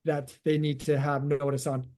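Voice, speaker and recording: A man's voice: a little high, level tone, normal speed, mellow. A man co-hosting a real estate podcast, explaining rules step by step and recapping them. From Canada. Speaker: realtor podcast co-host. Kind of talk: casual podcast chat.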